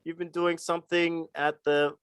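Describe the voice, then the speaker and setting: A man's voice: a little high, little pitch movement, moderate pace, a bit bright, clear, resonant tone, no echo. A man hosting a casual podcast, steering the talk into segments. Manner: friendly, runs the segments. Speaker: podcast host.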